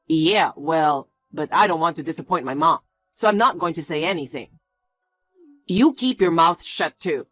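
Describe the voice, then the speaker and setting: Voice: mid-range voice, lively intonation, normal speed, a bit bright, no echo, lightly acted. A stubborn young fiancé who talks bluntly and bossily, always on the defensive, as a story voice puts him on. The voice sits mid-range, with faint music behind. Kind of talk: scripted story dialogue.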